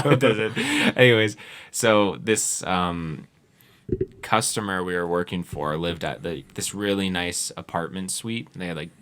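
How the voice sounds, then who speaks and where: A man's voice: low voice, a bit bright, clear, resonant tone. A young man from Canada hosting a casual podcast chat, telling rambling stories and laughing at his own jokes. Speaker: podcast host.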